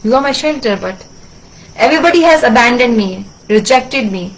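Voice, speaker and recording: A woman's voice: on the high side, lively intonation, moderate pace, poor audio. A woman voicing a humble devotee who pleads for shelter. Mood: pleading.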